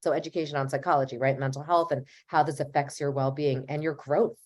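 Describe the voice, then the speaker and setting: A woman with a slightly low voice talks as a family therapist on a webinar panel. Her advice is earnest and explanatory. Now and then she acts out the lines a parent or a child might say. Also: fairly even intonation, quick pace, darkish tone.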